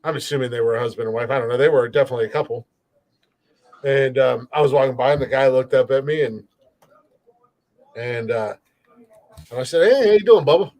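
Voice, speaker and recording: A man hosts a podcast in a loose, rambling chat, telling folksy stories and swearing without a second thought. His voice sits at an ordinary middle pitch. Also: steady tone, fairly quick, pauses often, a little mellow, rough recording. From rural countryside. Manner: rambling, profane, folksy storytelling. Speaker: podcast host.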